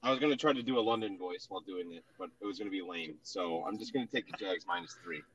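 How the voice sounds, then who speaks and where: Fast offhand man on a dull lo-fi line. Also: low-pitched, fairly bright tone, breathy edge. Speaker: betting tips panelist.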